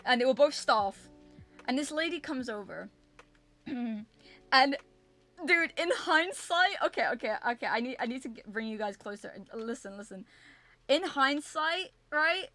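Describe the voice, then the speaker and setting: Animated young woman streamer telling a story. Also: high voice, unhurried, no echo, faint music behind. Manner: animated, repeats herself, swears freely. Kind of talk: casual storytelling to stream chat.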